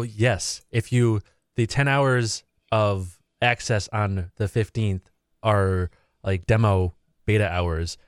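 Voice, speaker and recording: Male co-host, low voice, blunt complainer, dry sound. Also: clear, resonant tone, no echo. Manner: candid, complaining. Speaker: podcast co-host. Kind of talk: casual gaming news chat.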